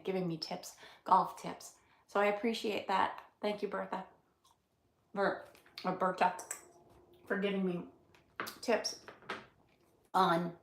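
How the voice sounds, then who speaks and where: A woman's voice: medium pitch, echoey room. A middle-aged woman hosting a casual livestream, chatting with viewers, laughing often and talking into her phone. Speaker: livestream host.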